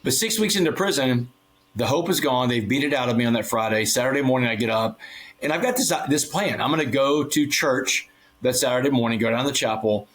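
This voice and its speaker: A man sits as a guest on a podcast and talks his way through a personal story with conviction. He speaks at a mid-range pitch and acts out the voices of the people in his story. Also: brisk, low-quality recording. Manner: earnest, animated storytelling with quoted dialogue. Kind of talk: storytelling interview.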